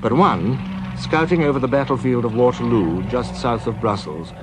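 British male documentary narrator, noisy old recording. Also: mid-range voice. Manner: measured and formal.

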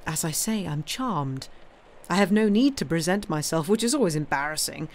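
A woman's voice: sits low, lively intonation, moderate pace, darkish tone. A woman reading aloud, voicing a wealthy nobleman who speaks with cool, polished irony. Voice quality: smooth, coldly ironic. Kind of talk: reading a novel aloud on a livestream.

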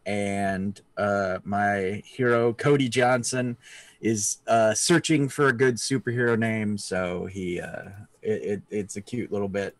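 A man's voice: fairly low pitch, no room sound. A man co-hosting a casual chat about his week of tabletop gaming, rambling with many fillers and restarts. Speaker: podcast co-host.

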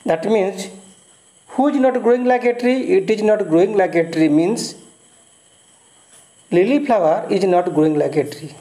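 A male teacher with an Indian English accent works through a poem, repeating key words and explaining each one. His voice sits high for a man and stays mellow and soft-edged. The recording carries a noticeable room echo. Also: moderate pace, pauses often. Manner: repeats key words and glosses meanings step by step. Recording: echoey room.

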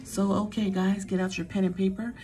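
A middle-aged vlogger holds her casual weekly chat with viewers, playful and full of talk, breaking into song and slipping into a whisper at times. Her medium-pitched voice is brisk and dark, with a flat delivery.

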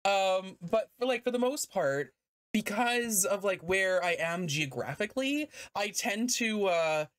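Woman game streamer, casual and rambling, quick to laugh, lively intonation. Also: medium pitch. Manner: rambling, self-deprecating, laughs often. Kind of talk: casual let's-play commentary.

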